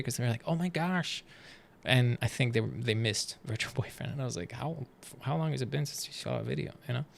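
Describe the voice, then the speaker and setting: A man livestreams and chats casually with his viewers while reacting to videos, animated and swearing freely. His voice sits in the mid range and has some vocal fry.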